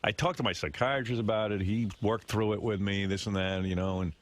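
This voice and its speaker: A man's voice: lowish voice, fairly even intonation, fairly quick, no echo. A man hosting a radio show, telling a long, rambling, profane story in casual chat from the studio.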